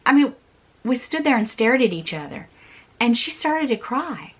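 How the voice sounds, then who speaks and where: A woman's voice: on the high side, sing-song, normal speed, slightly rough. A woman in her forties, a vlogger telling a personal story in an earnest, repetitive way with small laughs.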